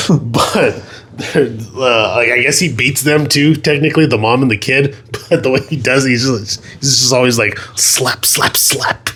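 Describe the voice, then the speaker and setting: A young man co-hosting a podcast, chatting casually and telling animated, swear-heavy stories that get loud when he is indignant. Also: medium pitch, unhurried. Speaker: podcast co-host. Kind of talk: casual chat.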